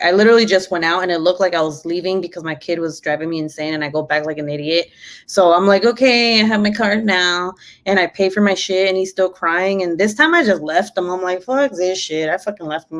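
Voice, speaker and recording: A young adult woman telling a story on a casual live stream, blunt and profane, breaking into laughter often. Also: fairly low pitch. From Mexican heritage. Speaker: vlogger.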